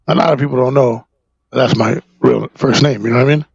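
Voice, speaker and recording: A man from New Jersey, a podcast guest, candidly recounting a personal story in a halting, rambling way full of fillers and profanity. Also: medium pitch, vocal fry, husky, no echo, lo-fi sound.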